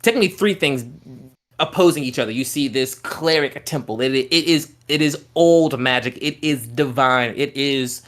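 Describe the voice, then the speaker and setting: A man's voice: medium pitch, moderate pace, fairly bright tone. A man running a tabletop game as game master, painting scenes in loose, rambling narration full of "like" and "um".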